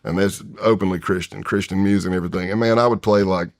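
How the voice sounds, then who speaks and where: Deep-voiced man telling a story. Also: steady tone, quick pace. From United States. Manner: rambling and candid, with frequent restarts and asides. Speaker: podcast guest, retired federal agent. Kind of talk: casual storytelling in a long-form interview.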